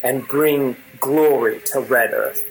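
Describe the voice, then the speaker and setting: A menacing king on a shadowed throne, put on by a man running a tabletop game speaks slowly and deliberately, in a low voice. He is commanding and cold as he gives orders to his generals. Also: a little hiss or hum, low-quality recording.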